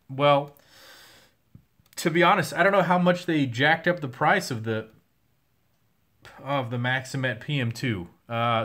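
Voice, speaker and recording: A man's voice: medium pitch, pushed and bright. Young guy doing a livestream q&a, voice getting tired, chill and blunt, swears a bit. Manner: candid, swears now and then, reads chat questions aloud. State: losing his voice. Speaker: host answering viewer questions. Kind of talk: casual livestream Q&A.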